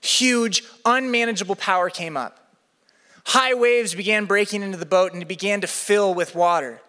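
A young man preaching as a pastor, telling stories in an animated way and acting out the people in them. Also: normal speed. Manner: animated, acts out quoted people with big pitch swings. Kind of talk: sermon with storytelling. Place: church hall with a live audience. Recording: long hall reverb.

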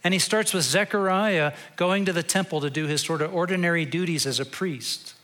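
A man preaching a sermon in a bright, forceful voice that sits a little high for a man. He tells the story conversationally and slows into quiet reflection at points. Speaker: pastor.

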